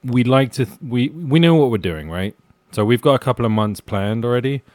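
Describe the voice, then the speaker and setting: A man's voice: medium pitch, expressive, fairly quick, darkish tone, no echo, clean studio sound. A man co-hosting a movie podcast, joking playfully in casual chat. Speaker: podcast co-host.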